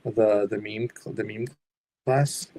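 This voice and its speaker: A man from French Canada chats on a livestream in a fairly low voice. He rambles and hesitates, padding his talk with fillers. He co-hosts in a loose, casual way. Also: fairly even intonation, slow, dark tone. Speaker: co-host.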